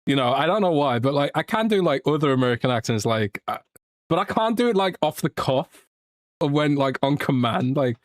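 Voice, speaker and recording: A man's voice: on the high side, sing-song, fairly quick, no room sound, clean studio sound. A British man hosting a podcast in a casual, jokey way, rambling with plenty of restarts and fillers. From Britain. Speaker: podcast host.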